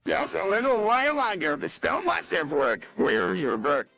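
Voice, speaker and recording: A text-to-speech voice playing a dim, earnest teenage boy from a cartoon, with a flat synthetic delivery. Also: high voice, normal speed, vocal fry, no echo, faint music behind, heavily acted. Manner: flat synthetic voice, stumbling over words.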